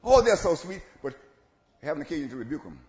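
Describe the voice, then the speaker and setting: Man preacher, higher voice, echoey lo-fi church recording, dramatic shifts from shouting to quiet asides. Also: sing-song, fast talker. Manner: swings from shouting to low asides, laughs between lines. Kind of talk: sermon. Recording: echoey church room, dull lo-fi sound.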